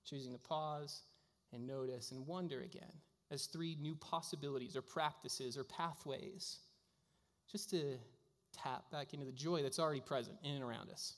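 A man's voice: mid-range voice, steady tone, moderate pace, a bit bright. A man preaching a sermon as a pastor, telling stories in a casual way with lots of fillers. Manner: casual storytelling with frequent fillers. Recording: long hall reverb.

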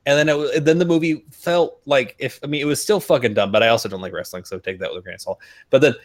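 A man's voice: mid-range voice, fast talker. A man co-hosting a podcast in casual chat, rambling with lots of fillers and restarts and swearing freely. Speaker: podcast co-host.

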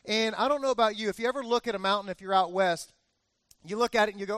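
A man in his forties preaching a sermon as pastor, telling a lively family story and acting out the cheers. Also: high-pitched, fast, no room sound. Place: church.

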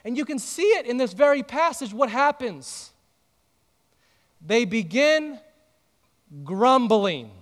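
Man, pastor, sermon, very high voice, animated, jokes with the congregation, long hall reverb. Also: takes it slowly, pauses often. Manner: animated storytelling, joking with the congregation. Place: church auditorium.

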